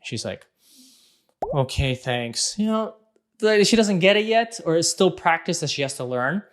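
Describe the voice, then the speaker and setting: A man's voice: high-pitched, expressive, moderate pace. A man in his thirties hosting a parenting talk, speaking casually and animatedly, acting out quotes as he explains. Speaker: parenting vlog host. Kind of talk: casual advice monologue.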